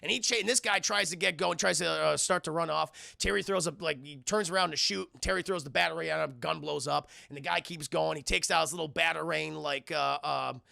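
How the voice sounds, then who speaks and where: A man streaming a cartoon review, recapping scenes in a lively, profane way and talking to his chat. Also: fairly high pitch, fairly quick, gravelly, hardly any pauses, dry recording, clean studio sound. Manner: animated, profane, recaps scenes with put-on voices. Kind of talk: casual chat with live chat.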